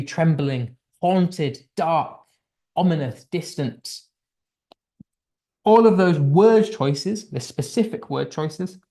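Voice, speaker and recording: A man's voice: a little high, dark tone. A young British man teaching an English lesson. He explains patiently, repeats his points and keeps checking that his listener understands. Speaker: English tutor.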